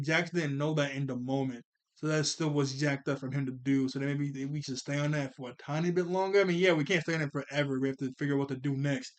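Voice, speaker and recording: A man with a slightly high voice talks through a cartoon episode in a loose, unscripted way. He rambles, starts sentences over and leans on filler words. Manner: rambling, with many fillers and restarts. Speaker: cartoon reviewer. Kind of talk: casual spoken review.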